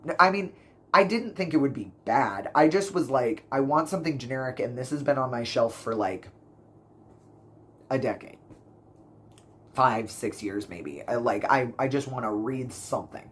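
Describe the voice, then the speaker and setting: A man's voice: medium pitch, animated, unhurried, long pauses, a bit bright, slight background noise. Rambling, enthusiastic man talking books. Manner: rambling, full of fillers and self-corrections, enthusiastic. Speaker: book vlogger. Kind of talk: casual rambling book review.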